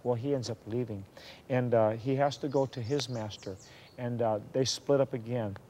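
A middle-aged man telling a true story to listeners in an animated way, raising his voice for the quoted lines. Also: medium pitch, moderate pace, slight background noise. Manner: drops to a hush for whispered lines.

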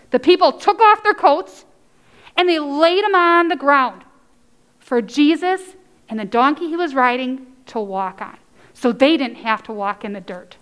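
A woman leading a children's message at church, telling a story with excited cheers and coaxing the kids to join in. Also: sits high, smooth. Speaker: children's sermon leader.

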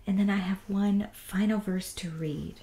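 Woman Bible teacher, slow and mellow, soft whispery devotional delivery, echoey room. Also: mid-range voice, steady tone.

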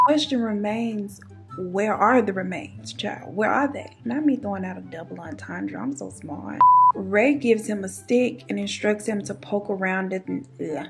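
A woman, telling a true crime story in a casual, sassy way while doing her makeup at home. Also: medium pitch. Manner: chatty, sassy asides. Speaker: beauty and true crime YouTuber.

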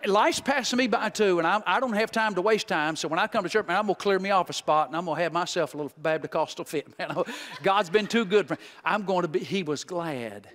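A high-voiced male guest preacher delivers a revival sermon, folksy and joking, swinging between loud exhortation and hushed intensity.

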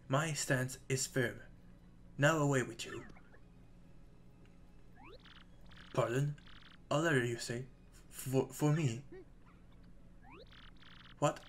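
A man's voice: mid-range voice, slight background noise, natural voice. A man voicing an old, grieving sea captain who speaks in a blustery, old-fashioned formal way. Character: Admiral Bobbery, gruff grieving old male sailor.

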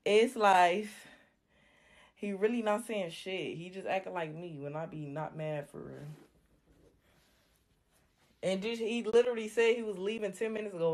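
A drunk woman ranting on a home livestream, brash and taunting, repeating her jabs over and over. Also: mid-range voice. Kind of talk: livestream rant. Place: home bedroom, indoors.

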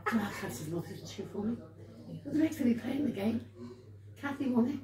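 A woman's voice: fairly high pitch, animated, normal speed, pauses often. A woman in her eighties with a Liverpool accent, telling bawdy stories, swearing freely and laughing through them. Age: 80s. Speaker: storyteller at her birthday gathering. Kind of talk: casual storytelling. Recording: echoey room, mic far off, crowd chatter.

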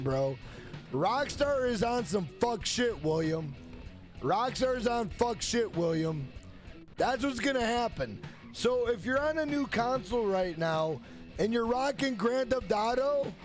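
Brash, foul-mouthed streamer man. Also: very high-pitched. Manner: brash, profane, shouts greetings to chat. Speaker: gaming livestreamer. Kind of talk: casual livestream chat.

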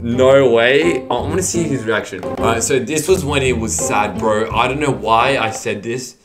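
A man's voice: medium pitch, moderate pace, music in the background. Rambling young-sounding gaming YouTuber man. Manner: rambling, stammering, repeats 'bro' constantly. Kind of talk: casual gaming commentary.

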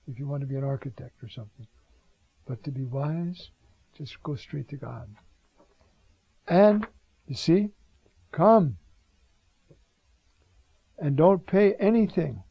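Preaching on scripture, an elderly priest takes his time, his husky, gravelly voice pitched on the high side. His homily has a conversational feel, with Hebrew terms dropped in and a recurring "you see?" The lo-fi recording is dull and carries no room sound.

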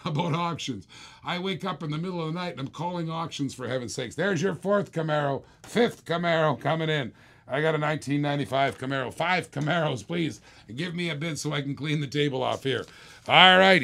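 A man hosting a live-streamed toy car auction, calling bids in quick repeated bursts with chatty asides to viewers. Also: a little high, gravelly, fairly bright tone. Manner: rapid repetitive bid calling, chatty asides. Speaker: auctioneer host.

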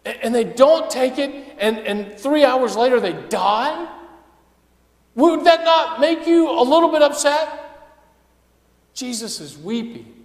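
A male pastor preaching a sermon with passion, dropping to a hush and then rising to loud emphasis. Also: very high-pitched, slow pace, long pauses. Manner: impassioned preaching, swinging between hushed and loud. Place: church sanctuary. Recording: echoey church hall.

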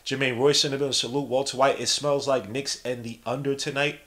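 A young man hosting a podcast, giving casual live play-by-play and reading the chat aloud in an animated, slangy way. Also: medium pitch, brisk. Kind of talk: casual live-stream commentary.

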